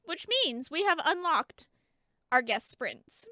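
Young woman streamer, high lively voice, giggly chatter, bright tone, dry close sound. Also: takes it slowly, no room sound. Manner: giggly and chatty, talking to chat while changing onesies. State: out of breath. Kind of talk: casual livestream chat.

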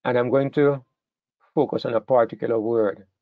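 A man's voice: medium pitch, steady tone, moderate pace, vocal fry, no echo, phone-quality sound. A man preaching a sermon, emphatic, stressing key words and often repeating himself as he restarts phrases.

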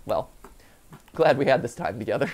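A man hosting a casual let's-play, excitable and joking, shouting at the game as he plays. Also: medium pitch, moderate pace, a little hiss or hum. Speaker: host. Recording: game music behind.

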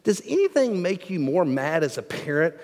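Dynamic high-voiced preacher in a reverberant hall. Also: male voice, very animated, moderate pace. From Southern United States. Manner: dynamic preaching, swinging from near-whispers to shouts. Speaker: pastor. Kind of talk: sermon. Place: large church sanctuary.

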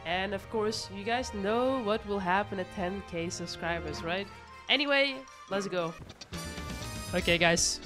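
A woman hosting a gaming channel, giving excitable, exclamatory commentary straight to her viewers over gameplay. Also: medium pitch, unhurried, music in the background.

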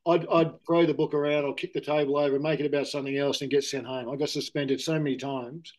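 A man's voice: a little high, little pitch movement, fast talker, darkish tone. A middle-aged Australian man in casual candid conversation, rambling and correcting himself, often saying mate. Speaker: interview guest.

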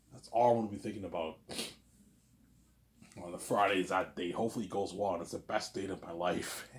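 A young man with a somewhat low voice rambles through a solo monologue. He brags and circles back on the same points. He often trips over and repeats his words. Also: a little mellow. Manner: boastful, repetitive, stumbling over words. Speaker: vlogger.

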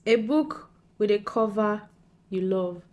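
A young woman from Nigeria chatting excitedly and giggling as she talks straight to her viewers. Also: medium pitch, slow. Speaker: book vlogger. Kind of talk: casual chat to camera.

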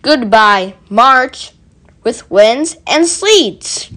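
A woman voicing a gentle, thoughtful male bear in a storybook reading, speaking calmly. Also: on the high side, extremely slow, heavily acted. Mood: musing.

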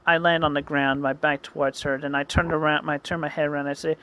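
Man, high voice, bright tone, earnest story narration, frequent restarts. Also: level tone, quick pace, hardly any pauses, clear, resonant tone, rough recording. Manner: earnest, frequent self-corrections. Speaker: comic creator reading his own comic.

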